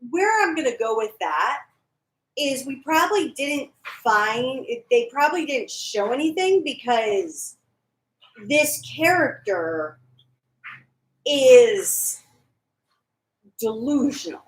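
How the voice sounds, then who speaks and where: A woman's voice: sits high, sing-song, takes it slowly, long pauses, echoey room, low-quality recording. A woman co-hosting a casual chat about a TV show, teasing and arguing her point. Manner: teasing, argumentative. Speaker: podcast co-host.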